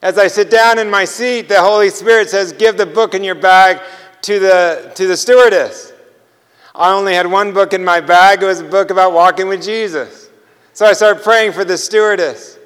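A man preaching, telling a personal travel story with lively acted-out dialogue and laughter. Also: sits high, normal speed, smooth, in a large hall. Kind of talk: sermon storytelling.

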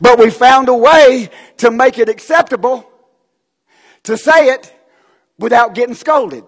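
A preacher delivers an impassioned sermon, his voice climbing into shouted bursts. He speaks unusually high for a man, with a gravelly, husky edge. The sound rings out with the long reverb of a church sanctuary. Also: measured pace. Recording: long echoing hall reverb.

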